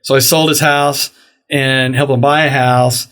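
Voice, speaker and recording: A man's voice: mid-range voice, a little slow, clear, resonant tone. A middle-aged man hosting a podcast, telling a long story in a casual way and acting out the quoted lines of the people in it. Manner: animated storyteller, acts out quoted dialogue. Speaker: podcast host.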